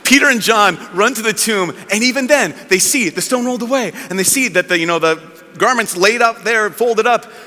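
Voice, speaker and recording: A priest giving a lively, animated sermon, telling the story with acted-out voices of the disciples. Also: male voice, high voice, brisk, long reverb tail.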